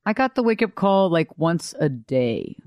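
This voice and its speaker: A woman with a lower voice than she'd like, giving an unhurried, reflective motivational talk that repeats phrases and asks the listener questions. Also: big pitch swings, a little mellow, no room sound, clean studio sound. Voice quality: lower voice than she wished for. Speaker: motivational speaker.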